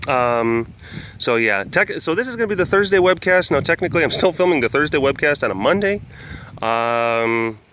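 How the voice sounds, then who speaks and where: Man, casual webcast host, rambling, filler-heavy, higher voice, faint background noise. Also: lively intonation, normal speed, a bit bright, poor audio. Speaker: vlog host.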